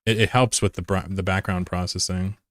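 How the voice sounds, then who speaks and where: A man's voice: low-pitched, fairly even intonation, fairly quick, a bit bright, dry recording, studio quality. A man live streaming and chatting casually with his viewers while he plays, laid-back, swearing freely and laughing easily. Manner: chats with viewers while playing a game. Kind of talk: casual livestream chat.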